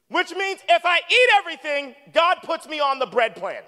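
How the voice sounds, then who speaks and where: A man preaching a sermon as a guest preacher in a church, animated and calling for responses from the congregation. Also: very high voice, normal speed, few pauses. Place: church sanctuary. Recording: long reverb of a church hall.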